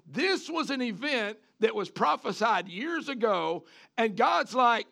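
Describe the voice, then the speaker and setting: Male preacher, high-pitched with a gravelly edge, animated sermon delivery that asks the congregation questions. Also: unhurried.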